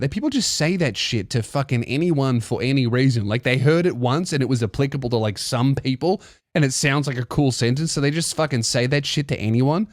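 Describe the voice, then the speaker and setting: Speaking at medium pitch with no room sound, a young man hosts a podcast and delivers a close-miked comedic rant full of sarcasm, mockery, and profanity.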